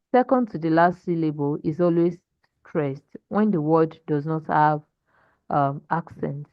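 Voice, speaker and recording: A woman teaches a language class, talking slowly and patiently as she models pronunciation. Her voice sits a little low. The online class audio sounds dull and dry. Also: dry recording.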